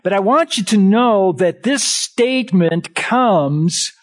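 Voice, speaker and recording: A man preaching at a very unhurried pace, lingering over each phrase. His pitch rises and falls widely as he repeats key words for emphasis, and the sermon is streamed live. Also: lively intonation. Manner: slow, deliberate preaching with emphatic repetitions. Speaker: pastor. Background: live-streamed church service.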